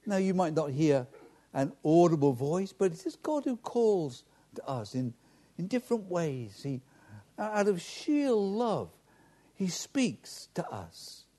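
A man's voice: high voice, big pitch swings, slow, mellow. A man, a pastor preaching a sermon directly and earnestly to his congregation.

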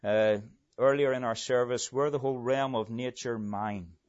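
A man preaching a sermon in an earnest way, building to emphatic peaks and then dropping to a soft, low close. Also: steady tone, moderate pace, muffled recording.

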